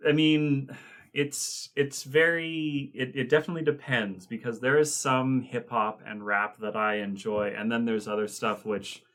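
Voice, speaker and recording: A man co-hosting a podcast, chatting casually and retelling movie scenes in a rambling, animated way. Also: medium pitch, a little slow. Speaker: podcast co-host. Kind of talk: casual chat.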